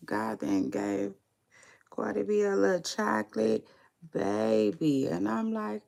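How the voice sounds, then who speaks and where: Woman, 30s, casual livestream chat, rambling, fry in the voice. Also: on the low side, sing-song, fairly bright tone. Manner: rambling, drawn-out, repeats phrases; slow, gravelly, laid-back delivery. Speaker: livestream vlogger.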